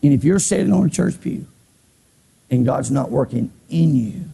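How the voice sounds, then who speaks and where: A man preaching a sermon, who repeats his words, reads scripture slowly and climbs to high shouted peaks. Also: animated, creaky, breathy edge.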